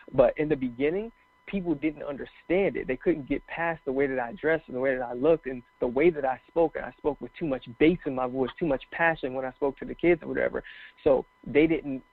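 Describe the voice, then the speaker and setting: A man's voice: medium pitch, no echo. A man speaking as a guest motivational speaker, talking earnestly and with passion in casual interview chat over a phone call. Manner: earnest, passionate, tells stories with acted quotes. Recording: dry tinny phone line.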